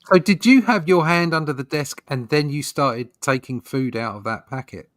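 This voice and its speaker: A man's voice: on the high side, moderate pace, dry recording, studio quality. A man in a casual chat, dropping wry, teasing asides.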